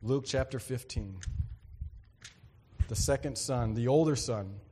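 A male pastor preaching a sermon, swinging between loud exclamations and quiet emphasis and acting out quoted voices. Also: medium pitch, slow pace, big-room sound, a little hiss or hum.

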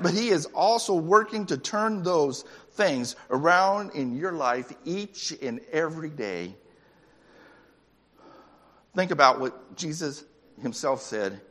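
Male pastor preaching, somewhat high-pitched, long reverb, lively climbs. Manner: animated preaching with rising excited peaks. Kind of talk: sermon.

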